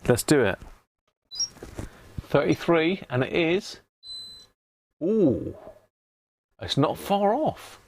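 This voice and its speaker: A man's voice: on the high side, sing-song, extremely slow, long pauses, darkish tone, a little hiss or hum. A jovial man hosting a casual live stream, chatting and laughing with his viewers. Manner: jovial, laughing banter with chat. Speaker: live-stream host restoring a vintage radio.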